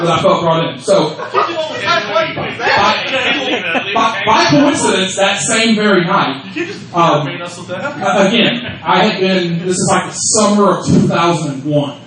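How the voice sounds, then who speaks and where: A man in his thirties telling profane, lively stories and laughing often as a guest at a fan Q&A panel. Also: high voice, far from the mic. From United States. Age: 30s. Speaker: wrestling promotion creative head on a fan panel. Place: convention room at a fan event. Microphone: phone held in the audience. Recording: echoey room, phone recording from the audience.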